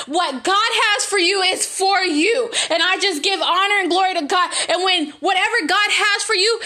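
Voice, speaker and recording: A woman's voice: very high-pitched, bright, forceful tone. A woman giving an emotional religious testimony to her viewers, fervent and repeating praise phrases, her voice at times breaking with feeling. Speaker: vlogger giving a faith testimony.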